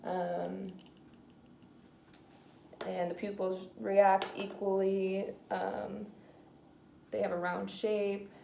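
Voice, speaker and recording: Slow, hesitant woman with gravelly voice. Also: medium pitch, flat delivery, warm tone. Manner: hesitant, many fillers. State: slightly out of breath. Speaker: student doing a clinical neuro exam. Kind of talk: talking through an exam for video. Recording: echoey room, faint noise.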